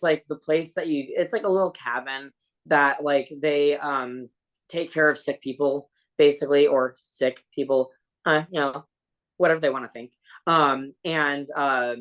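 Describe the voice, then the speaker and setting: A woman's voice: low-pitched, a bit bright. A woman guest on a podcast telling a personal story in a rambling, casual way, full of "like" and fillers, swearing offhandedly.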